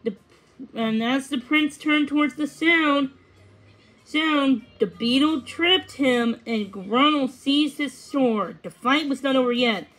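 A woman reads a storybook aloud, measured and expressive. Her voice sits fairly high and she takes her time. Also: poor audio. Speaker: reader. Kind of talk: storybook read-aloud narration.

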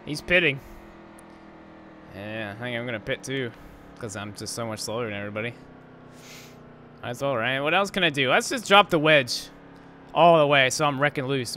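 A man's voice: medium pitch, sharp tone. A man hosting a gaming channel, commenting live on a racing game in a frustrated, profane rant. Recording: race car engine noise behind. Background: racing game engine sounds.

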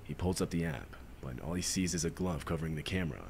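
A man giving measured, factual scripted narration of crime clips, heard from a played-back video. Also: rumbling low, animated, gravelly, noisy background. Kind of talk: scripted news-style narration.

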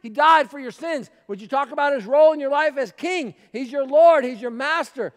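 Male pastor, very high voice, emphatic sermon full of repeated lines, long church hall echo. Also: expressive, moderate pace. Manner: emphatic preaching, repeating phrases, swings from shouts to quiet asides. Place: church sanctuary.

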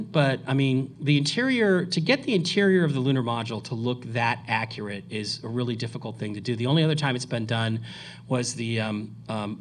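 A man speaking at a conference and taking audience questions, rambling and animated, often restarting his sentences. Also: medium pitch, a little hiss or hum. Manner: rambling, animated, self-correcting. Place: lecture hall.

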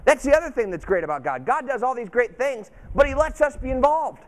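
Male pastor, high voice, relaxed conversational preaching, repeats and poses his own questions. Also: brisk. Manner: informal, repeats key phrases for emphasis. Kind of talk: conversational sermon.

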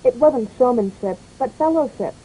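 Husky woman reading a pronunciation drill. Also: a little high, expressive, moderate pace, mellow, low-quality recording. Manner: clear, repeats each word and line twice. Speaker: English pronunciation teacher.

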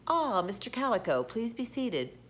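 A woman voicing a suave, scheming male cat admiral with a purring voice and a smooth, condescending manner. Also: big pitch swings, moderate pace, fairly bright tone. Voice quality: deep and purring.

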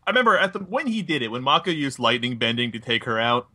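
A man's voice: medium pitch, fast, pushed and bright, dry recording. A young man co-hosting a podcast in casual chat, musing aloud, laughing easily and correcting himself mid-thought. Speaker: podcast co-host.

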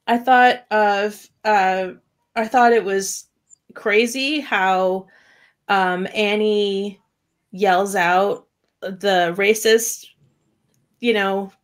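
A woman co-hosting a podcast in casual chat, animated and giggly, with lots of fillers. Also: mid-range voice, drawn-out words, long pauses, smooth. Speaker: podcast co-host.

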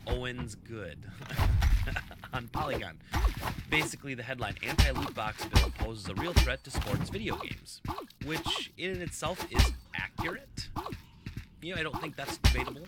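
Rambling man hosting a podcast over loud clicks. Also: medium pitch, huge pitch swings, normal speed. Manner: rambling, filler-heavy, chuckling asides. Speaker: podcast host. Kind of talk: casual live-stream podcast chat. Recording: loud clicking noise behind the voice.

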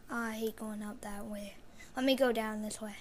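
A woman giving live commentary while playing a shooter game, mostly muttering low with sudden loud outbursts. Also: steady tone, normal speed, slight background noise. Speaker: gamer streaming live play.

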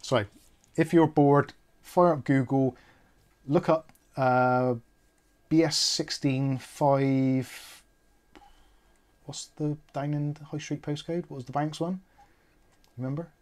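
A man's voice: a little high, fairly even intonation, takes it slowly, pauses often, darkish tone. A man, hosting a live tech stream in a rambling, jokey way that wanders off topic. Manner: rambling, jokey, self-correcting.

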